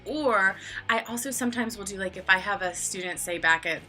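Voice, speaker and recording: A woman's voice: brisk, pushed and bright, soft background music. A woman in her thirties, an online English teacher, chatting casually on camera in a filler-heavy way and acting out classroom moments. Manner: chatty, filler-heavy, acts out classroom exchanges in high playful voices. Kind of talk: casual vlog explanation.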